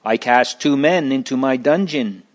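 Casting: a man putting on a bossy storybook giant, raised and loud, roaring orders. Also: medium pitch, a little slow, lightly acted. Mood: boastful. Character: huge angry male giant, domineering.

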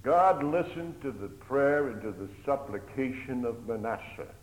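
A man preaches a sermon in a long-echoing hall, his voice rising and falling with lively swings of pitch. He moves from loud, pleading passages to hushed, almost whispered ones. His pulpit phrasing is old-fashioned and earnest, and he keeps addressing the congregation as "my hearers". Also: a little slow. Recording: echoey hall, long reverb.

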